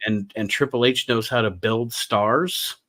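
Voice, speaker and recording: A man's voice: medium pitch, unhurried, bright, forceful tone. Man, mid-range voice, chatty, agreeable, casual wrestling recap. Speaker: podcast co-host.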